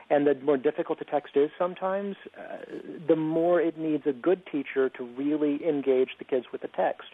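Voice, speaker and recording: A man's voice: fairly high pitch, creaky. A man speaking as an author guest on a radio show, earnest and thoughtful, often repeating words as he starts a thought. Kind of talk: radio interview. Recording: tinny phone line.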